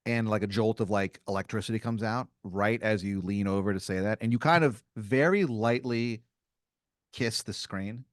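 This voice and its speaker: A man's voice: lowish voice, normal speed, dry recording, clean studio sound. A man hosting an improv podcast, narrating a made-up scene in second person with casual fillers. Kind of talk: improvised storytelling, game-master style.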